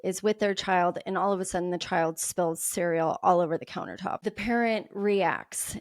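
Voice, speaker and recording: A woman hosting a solo parenting podcast, explaining calmly and acting out what a parent might say. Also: on the low side, moderate pace, dry recording, studio quality. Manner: calm, explanatory, acts out parent quotes. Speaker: podcast host.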